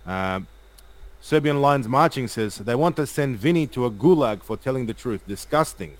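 A man's voice: medium pitch, animated, dry recording, rough recording. A man hosting a live stream, reading viewer comments and listing points with many fillers. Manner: rapid, repetitive listing, hesitant fillers. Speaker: livestream host.

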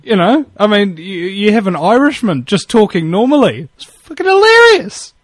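A man's voice: high voice, lively intonation, moderate pace. A man with a New Zealand accent talking as a radio guest in a rambling, joking way, swearing freely and restarting his sentences often. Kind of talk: casual radio chat.

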